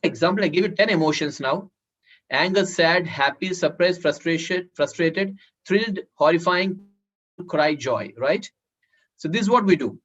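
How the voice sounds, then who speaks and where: A man's voice: on the high side, lively intonation, normal speed, fairly bright tone, husky. Man coaching on a dull video call. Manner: instructive, repeats words for note-taking. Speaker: public speaking trainer. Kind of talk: online workshop teaching.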